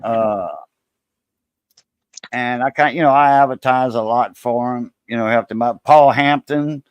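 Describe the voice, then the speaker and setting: A coin-collecting channel host with a Cajun Louisiana accent speaks at a medium pitch, unhurried and smooth. On his casual live stream he animatedly tells stories, acting out other people's voices.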